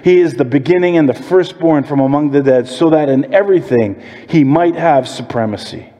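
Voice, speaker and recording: Pastor preaching in a reverberant hall. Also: male voice, fairly high pitch, fairly quick. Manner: storytelling, animated preaching with quoted voices. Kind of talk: sermon. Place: church sanctuary.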